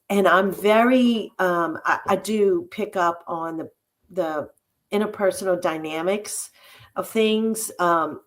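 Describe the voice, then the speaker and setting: A woman who coaches and speaks in public, answering interview questions in a thoughtful way with many "um" pauses. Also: lowish voice. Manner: thoughtful, uses many "um" fillers, tells stories about herself. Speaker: podcast guest, coach and speaker. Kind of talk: casual interview conversation.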